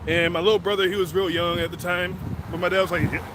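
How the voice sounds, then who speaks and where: A man walking outdoors along a city street, telling a story in a playful, animated way with sound effects. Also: high voice, fast talker. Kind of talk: walk-and-talk storytelling. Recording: loud traffic and wind noise.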